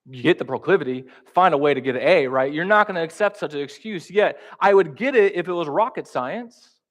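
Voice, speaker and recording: A man's voice: a little high, lively intonation, fairly quick. A man preaching in a church, talking conversationally and with humor, acting out the quotes he tells. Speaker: pastor teaching a class. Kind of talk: sermon.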